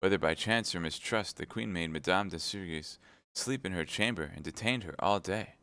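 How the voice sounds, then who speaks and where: A man reads a classic novel aloud in a steady, plain way. His voice is low and deep. The recording is dry and close. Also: moderate pace, no echo. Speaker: audiobook reader.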